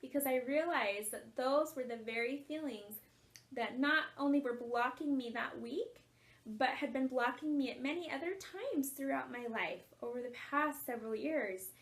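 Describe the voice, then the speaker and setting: A woman's voice: high-pitched, moderate pace. A woman coach telling a personal story in an earnest, emotional way, often laughing as she speaks. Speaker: author and life coach.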